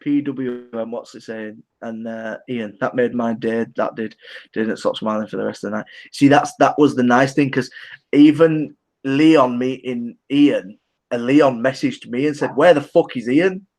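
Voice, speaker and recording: Bloke rambling on a podcast, swears loads, mid pitch. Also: male voice, measured pace, darkish tone. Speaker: podcast co-host. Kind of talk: casual chat.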